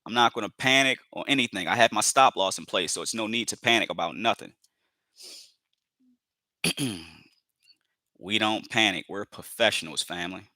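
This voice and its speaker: A man's voice: on the low side, moderate pace, long pauses, pushed and bright, dry recording. A man giving live commentary on his trades, repeating phrases, filling with "you know" and calling viewers family as he talks himself into staying patient.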